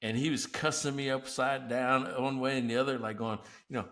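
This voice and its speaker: A man's voice: medium pitch, fairly quick, few pauses, bright, forceful tone. A man hosting a casual business podcast, telling stories animatedly and laughing often. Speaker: podcast host. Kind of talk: casual chat.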